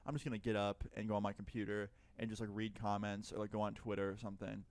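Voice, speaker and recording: A man recounts a personal story in a relaxed, mellow voice, chatty and profane. He acts out each side of the dialogue himself. The recording sounds dry and close. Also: on the low side, quick pace, no room sound. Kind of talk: casual storytime narration.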